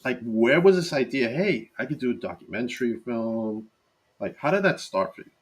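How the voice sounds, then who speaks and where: A man hosting a casual interview, asking relaxed, brief questions. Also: mid-range voice, normal speed. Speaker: interview host.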